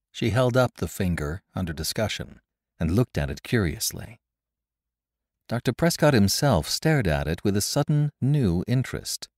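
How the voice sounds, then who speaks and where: A man narrating a classic story in a measured, expressive way, recorded close on a studio mic. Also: lowish voice, no echo. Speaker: narrator and podcast host.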